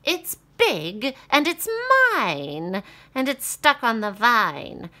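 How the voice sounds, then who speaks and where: Cranky witch put on by a woman, storybook, loud, high exclamations, bright. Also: very animated, slow pace, exaggerated voice. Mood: stubborn. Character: cranky greedy female witch.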